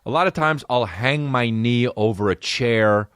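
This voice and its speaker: A man's voice: mid-range voice, a little slow, fairly bright tone, smooth, dry recording, studio quality. A man in his thirties hosting a comedy podcast, telling a profane story that builds into a ranting mock outrage. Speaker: podcast host.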